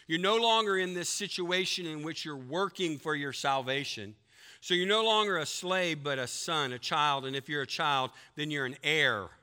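Emphatic preaching man, bright voice. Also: clear, resonant tone. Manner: emphatic preaching with a long joke; plays characters in a told story with big pitch jumps. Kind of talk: sermon.

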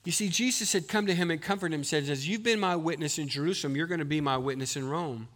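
A man's voice: on the high side, quick pace, a bit bright, in a large hall. A man preaching a sermon as pastor, emphatic and building to strong points, calling on his church to answer him aloud.

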